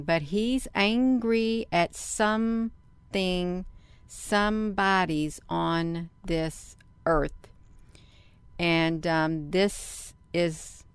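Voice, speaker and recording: A woman's voice: lowish voice, clean tone. A woman hosting her own channel in a casual vlog monologue, talking earnestly and folksily and repeating herself often. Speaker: channel host.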